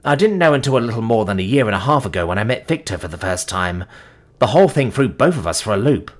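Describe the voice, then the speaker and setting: A man voicing a young woman clone who talks in a hesitant, halting way. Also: lowish voice, very animated.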